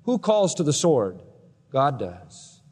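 A man preaching an expository sermon, swinging from loud proclamation to hushed emphasis. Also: mid-range voice, sing-song, takes it slowly, breathy edge. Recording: long hall reverb.

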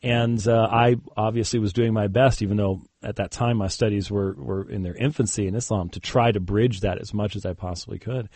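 A man's voice: on the low side, steady tone, a little fast, few pauses, darkish tone, breathy edge, dry recording. A man who is a guest on an interview, a Christian debater telling a story casually with many fillers and chuckled asides. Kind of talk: conversational interview.

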